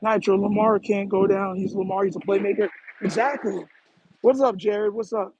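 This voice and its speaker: A young man chatting on a live stream, animated and repetitive, calling people "bro" as he talks to his chat while running errands. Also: sits high, normal speed, highs cut off, slight background noise. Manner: animated, repeats himself, says "bro" a lot.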